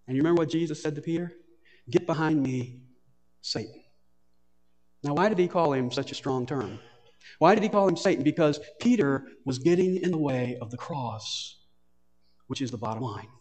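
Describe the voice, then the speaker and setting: A man preaches from the pulpit with a fairly high voice and emphatic, repeated phrasing. His words ring out with a long reverb in a church hall. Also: lively intonation, fairly quick, darkish tone. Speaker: pastor. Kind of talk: sermon.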